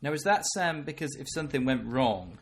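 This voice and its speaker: A man co-hosting a podcast, talking in a wry, chatty way and throwing out hypotheticals. His pitch sits in the middle range. A faint noise hums behind him. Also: expressive, brisk. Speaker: podcast co-host. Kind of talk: casual chat.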